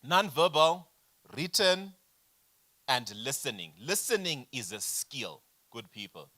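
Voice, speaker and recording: A man in his forties leading a business workshop, lecturing in an animated way and asking the room rhetorical questions. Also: fairly high pitch. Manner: animated, addresses audience directly with rhetorical questions. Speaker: workshop facilitator.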